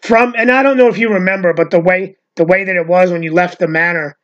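A man's voice: sits high, quick pace, a bit bright, dull audio. A man in his fifties from New York hosting a casual podcast chat, rambling and swearing freely. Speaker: podcast host. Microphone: video call.

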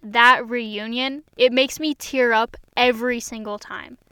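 Young woman on a call, kinda high and smooth voice, says yep a lot. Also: fairly even intonation, a little slow, sharp tone, no echo. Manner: agreeable, lots of fillers and affirmations. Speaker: co-host. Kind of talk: casual chat. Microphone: video call.

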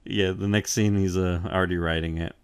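A man's voice: deep voice, fairly even intonation, fairly quick, smooth, dry recording, studio quality. A young man chatting casually on a podcast, laid-back and full of "like" fillers, swearing and laughing as he recaps an anime. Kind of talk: casual chat.

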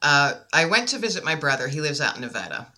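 Bright-voiced woman telling a story. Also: low-pitched, fast talker. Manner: lively storyteller who acts out dialogue. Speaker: guest. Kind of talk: casual conversation.

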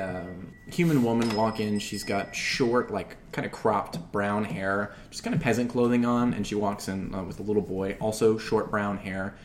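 A man's voice: lowish voice, reverberant, slight background noise. A man narrating as dungeon master of a tabletop game, casual and full of fillers.

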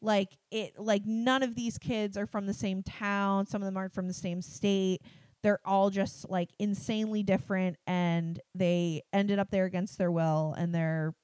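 A woman's voice: mid-range voice, level tone, unhurried, a little mellow, smooth, dry recording. A woman guest on a podcast, chatting casually and telling a story, laughing often. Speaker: podcast guest, hospital teacher.

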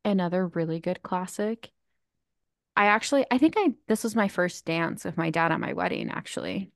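A woman's voice: fairly low pitch, normal speed, creaky, dry recording. Chatty young woman, dry close sound. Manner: chatty, lots of "like", laughs. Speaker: podcast co-host. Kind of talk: casual chat.

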